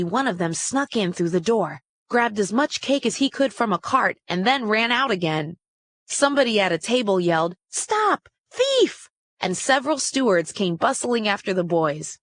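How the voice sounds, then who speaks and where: A woman reading a children's story aloud in a steady, expressive way. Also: medium pitch, no room sound. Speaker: storybook reader.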